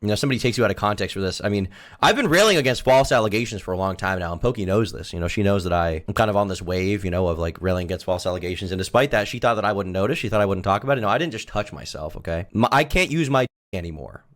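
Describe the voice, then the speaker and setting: A man streaming live, delivering a melodramatic, self-pitying mock-serious rant in a deadpan tone. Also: low voice, very fast.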